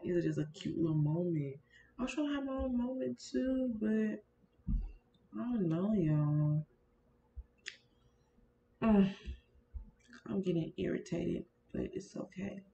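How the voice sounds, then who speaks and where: A woman's voice: medium pitch, warm tone. A young woman talking casually through a screen-recorded gaming vlog, chatty and complaining, constantly speaking to her viewers as y'all. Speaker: Sims content creator. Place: indoors at a computer. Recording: roomy, dull built-in mic with faint fan noise.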